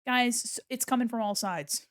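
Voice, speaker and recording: Talking into an arm-mounted desk mic at home, a woman live-streams her art and chats casually, now and then switching to baby talk for her cat. Her voice sits a little high and is a bit bright, at a moderate pace.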